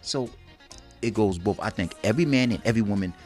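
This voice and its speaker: A man with a very deep voice chats loosely with his partner as co-host. He talks in easy street slang, often laughing, with soft music underneath. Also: quick pace. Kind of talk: casual chat.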